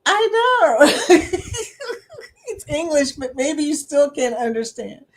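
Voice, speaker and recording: A woman's voice: sits high, slow. A middle-aged woman hosting a casual livestream chat, reading viewer comments aloud and laughing often as she talks. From United States. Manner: laughs often, chatty and animated.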